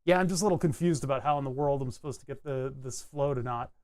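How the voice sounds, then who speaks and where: A man streaming live, thinking aloud in a halting, self-interrupting way as he works through a technical problem. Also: mid-range voice, darkish tone. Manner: muttering, halting, self-interrupting while debugging.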